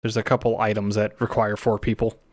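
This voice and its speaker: A man's voice: fairly low pitch, level tone, a little fast, no room sound. A young man hosting a casual co-op game stream, laughing often and explaining the controls to his partner. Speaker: streamer and host. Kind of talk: casual co-op gaming chat.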